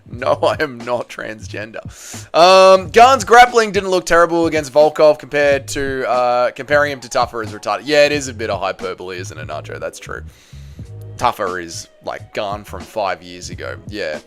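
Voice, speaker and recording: A man's voice: medium pitch, expressive, moderate pace, a bit bright, faint music behind. An Australian man hosting a live stream, reading out viewer comments and answering them with blunt, laddish banter full of slang and swearing. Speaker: MMA live-stream host.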